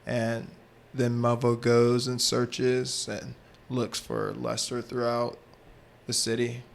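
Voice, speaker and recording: A man's voice: medium pitch, completely flat delivery, takes it slowly, vocal fry. A man co-hosting a podcast, bantering and arguing his points in casual chat. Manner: joking, argumentative banter. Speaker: podcast co-host.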